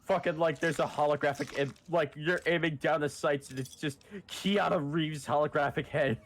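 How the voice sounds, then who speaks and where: A man's voice: on the high side, steady tone, normal speed, a little hiss or hum. A man chatting casually with friends on a game stream, blunt and skeptical. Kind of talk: casual gaming chat.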